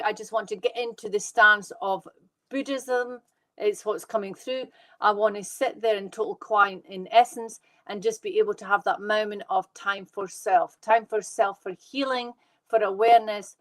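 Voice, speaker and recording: A woman working as a medium, giving live readings to viewers in an excitable, fast, reassuring way. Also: medium pitch, poor audio. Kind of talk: live online psychic reading.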